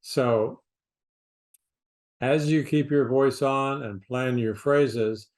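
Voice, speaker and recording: A middle-aged man who is a stuttering specialist, teaching straight to camera in slow, deliberate short phrases with pauses between them. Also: mid-range voice, a little mellow. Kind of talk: direct-to-camera speech therapy lesson.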